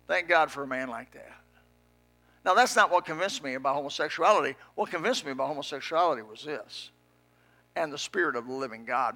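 A pastor preaching a fiery sermon to his church congregation, dropping to a hush and then rising to a shout. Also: fairly high pitch, animated, brisk.

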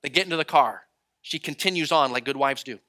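A man who is a traveling preacher, telling stories in a sermon in an animated way and acting out the people he quotes. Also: mid-range voice, a little fast. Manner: animated storytelling, acts out quoted voices. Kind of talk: storytelling sermon.

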